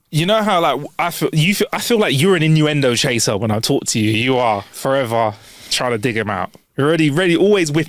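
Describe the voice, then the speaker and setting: A man's voice: mid-range voice, no echo. A man hosting a podcast, chatting casually, laughing often as he tells his stories. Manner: laughs often, animated storytelling. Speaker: podcast host. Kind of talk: casual chat.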